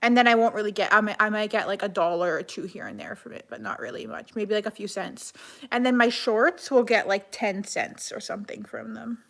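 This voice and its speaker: A woman from Canada, chatting casually on a live stream and answering viewer comments, with lots of "like" and quick self-corrections. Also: medium pitch, vocal fry, a bit bright. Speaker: livestreamer reading comments.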